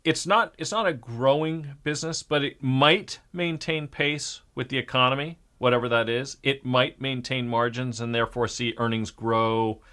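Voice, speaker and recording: A man's voice: mid-range voice, fairly even intonation, moderate pace, few pauses, bright, forceful tone. A man hosting a casual market talk show, thinking aloud with frequent fillers and restarts. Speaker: show host.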